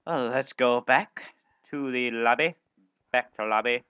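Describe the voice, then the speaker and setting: A man playing a video game and commentating, excitable, playful, often yelping and exclaiming. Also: mid-range voice, unhurried, clear, resonant tone, dry recording, dull audio. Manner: silly, playful banter at other players. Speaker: gaming video host.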